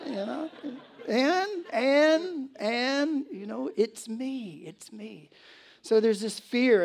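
A man's voice: high voice, a little mellow. A male pastor delivering a sermon in a church, telling stories animatedly with laughs and acted asides.

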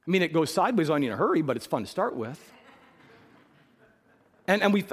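A man preaching a sermon as pastor, emphatic and animated, repeating phrases for stress. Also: high voice.

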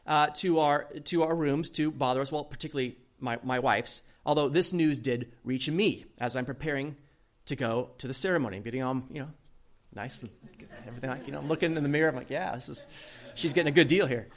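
A man's voice: medium pitch, brisk. A middle-aged male pastor giving a sermon, telling a personal story with humor and acting out the people in it. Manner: humorous storytelling, acts out quoted voices.

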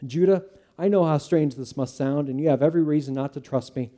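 A man's voice: on the high side, brisk, mellow, natural voice. A male preacher reading the part of a humble, repentant tax collector, speaking earnestly and pleadingly.

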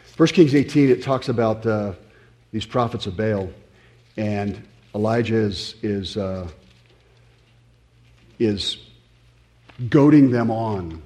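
A pastor with a lowish, dark-toned voice preaches in a conversational style, asking his listeners questions. He often stops and restarts, his delivery halting and filled with fillers.

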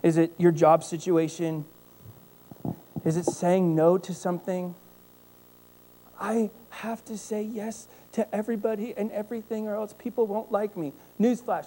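Animated storytelling pastor, mellow voice. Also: male voice, high voice. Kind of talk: sermon.

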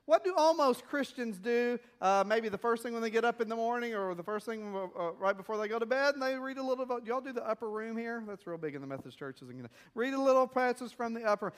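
Speaking fast with hardly any pauses in an extremely high voice, a man preaches a sermon as a missionary pastor. His delivery is conversational, built on storytelling and rhetorical questions directed at the congregation.

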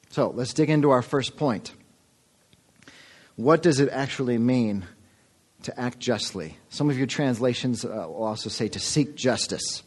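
A man's voice: mid-range voice, lively intonation, a little slow, husky. A man preaching a sermon as pastor, earnest and calling his listeners folks. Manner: earnest, addresses the congregation as folks.

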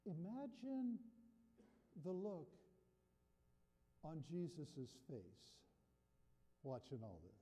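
A male preacher delivers a sermon in a folksy, chatty manner and keeps asking his listeners questions. His voice sits fairly high but sounds mellow. A long hall reverb hangs after his words. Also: huge pitch swings, very slow, long pauses. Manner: folksy, conversational, asks the audience questions.

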